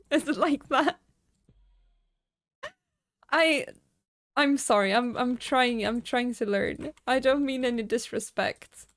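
A woman's voice: a little high, slow, long pauses, a bit bright, no echo. A woman streamer in casual live-stream chat, chatty and giggly, laughing often as she rambles and answers her viewers.

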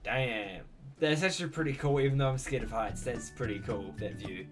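A man's voice: medium pitch, normal speed, music in the background. A man hosting a casual reaction video, talking to the screen, cheering on the people in it and laughing often.

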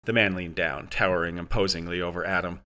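Male audiobook narrator, dry satirical reading, bright and clear. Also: deep voice, fairly even intonation, fairly quick. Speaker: author and narrator.

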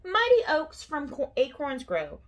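A woman voicing a kind, gentle male badger in a picture book, speaking in a calm, reassuring way. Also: a little high, moderate pace, slightly rough, full character voice.

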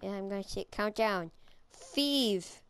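A woman's voice: mid-range voice, slow pace, fairly bright tone, clean tone. A woman giving playful, goofy live commentary while playing a shooter game, with silly chants and voices. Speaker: gamer.

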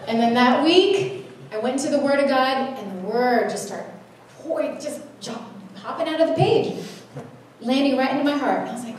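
A woman's voice: on the high side, expressive, brisk, noisy background. A young adult woman giving a sermon-style testimony at a church conference, telling her story with humor and acting out her own quotes. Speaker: conference speaker. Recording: very echoey hall, mic from a distance.

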